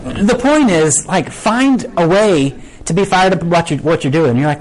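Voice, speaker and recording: A man's voice: on the high side, expressive, normal speed, low-quality recording. A man preaching a casual sermon, conversational and full of rhetorical questions. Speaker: pastor.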